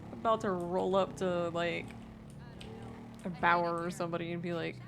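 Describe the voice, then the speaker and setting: A young woman chats casually on a game stream, sleepy and worn out after a long day. Her voice is low and gravelly with vocal fry, and she talks at an unhurried, dragging pace. She swears casually and laughs easily. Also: noisy background. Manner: laid-back, profane, laughs easily. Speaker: livestreamer playing a roleplay game.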